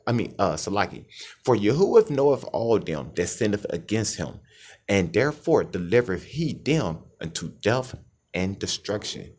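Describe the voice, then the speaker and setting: A low-voiced preacher with swooping pitch. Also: male voice, very animated, moderate pace, darkish tone. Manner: calls out "families", asks call-and-response questions. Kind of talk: scripture reading and preaching.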